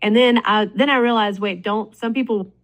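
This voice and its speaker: A woman leading a sales team, telling an energetic story about her business in a conversational interview, often asking "right?" and saying "like". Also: mid-range voice, normal speed. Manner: enthusiastic, animated, frequent "right?" and "like". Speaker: network marketing leader.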